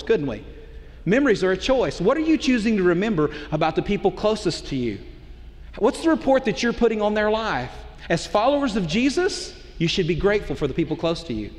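A middle-aged man preaching a sermon, animated and conversational, with rhetorical questions to his congregation. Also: high-pitched. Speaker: pastor. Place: church auditorium. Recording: long hall reverb.

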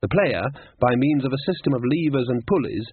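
Husky male narrator on a tinny line. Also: mid-range voice, expressive, a little fast, no room sound. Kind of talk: audiobook narration. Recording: tinny phone-like sound, dry.

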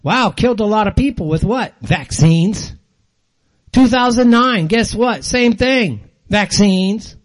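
High-voiced older man ranting. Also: expressive, slow pace. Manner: angry ranting, sarcastic, blunt. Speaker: show host. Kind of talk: monologue commentary.

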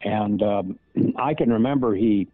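An older man, an impressionist, telling showbiz anecdotes in a halting, storytelling way over a tinny line. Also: lowish voice, no room sound. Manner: anecdotal, halting with many restarts. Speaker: impressionist guest. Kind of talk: casual interview storytelling. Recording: tinny phone-like line, dry.

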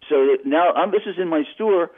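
A man telling a long story as a guest on a call-in radio show, acting out what others said, heard over a tinny phone line. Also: a little high. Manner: animated anecdote with acted-out quotes.

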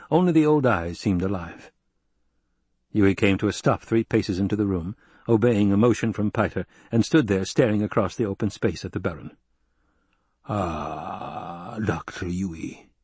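A man narrating a novel in a steady, measured storytelling voice. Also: fairly low pitch, husky, no echo. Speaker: audiobook narrator. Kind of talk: scripted narration.

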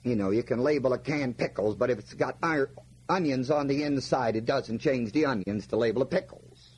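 A man's voice: medium pitch, brisk, slight background noise. A man preaching a folksy Bible-teaching sermon, often asking his listeners questions and leaning hard on key words. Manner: folksy, asks the audience questions, stresses words.

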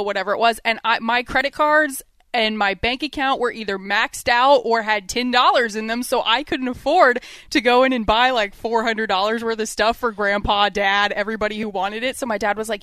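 A woman's voice: fairly high pitch, fairly bright tone, smooth, no room sound. Chatty young woman co-host. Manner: chatty, quick to joke. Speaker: sports show co-host. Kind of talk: casual chat.

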